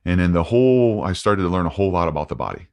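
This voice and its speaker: Deep-voiced man recounting, halting. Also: big pitch swings, a little mellow. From United States. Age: 40s. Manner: halting, many restarts and fillers, quoting himself. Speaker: podcast guest. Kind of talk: candid interview.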